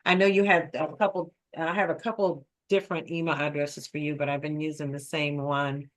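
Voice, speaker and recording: A woman's voice: sits low, flat delivery, brisk. A woman facilitating an online meeting, speaking with many ums and easy laughter. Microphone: video call.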